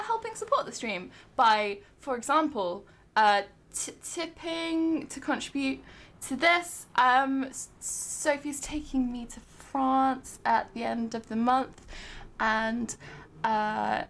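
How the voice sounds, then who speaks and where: A woman's voice: high voice, expressive, takes it slowly, fairly bright tone. A young adult woman on a home livestream, chatting casually with lots of ums and restarts, then reading a nonfiction book aloud into a desk mic. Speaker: streamer. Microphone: desk microphone.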